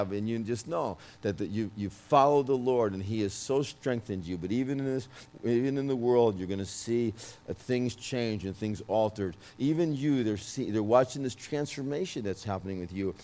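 A man with a New York accent giving a prophetic word, talking loudly and emphatically, with frequent restarts. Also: mid-range voice. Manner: loud, emphatic, with many restarts. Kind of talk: prophetic ministry speech.

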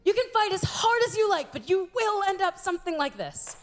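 A woman in her twenties giving an animated sermon, acting out the voices she quotes. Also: extremely high pitch, a little fast. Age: 20s.

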